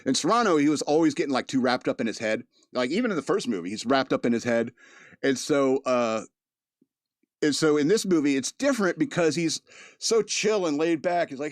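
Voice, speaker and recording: A man's voice: medium pitch, animated, brisk, no room sound, studio quality. A man giving a casual, rambling movie review. He laughs often and acts out the characters' lines.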